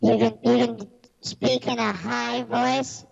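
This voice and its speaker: A squeaky, pitch-shifted voice that drawls slowly and croaks. The sound is dull and lo-fi, with crowd noise underneath. It rises and falls widely in pitch. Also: male voice, flat delivery, heavily acted. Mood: playful. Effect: voice changer.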